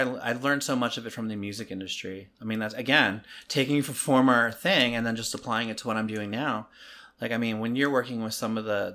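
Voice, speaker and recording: A man with a Southern US accent, telling stories in a casual, profane podcast chat as the guest. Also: fairly low pitch. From American South. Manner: profane, animated storytelling. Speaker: interview guest.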